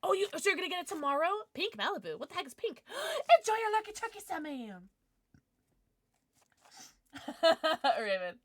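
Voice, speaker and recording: A woman's voice: very high-pitched, wildly swooping pitch, moderate pace, pauses often, a bit bright, no room sound. A young adult woman streaming live and chatting with her viewers, bubbly and giggly, with lots of "like". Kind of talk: casual livestream chat, reading chat.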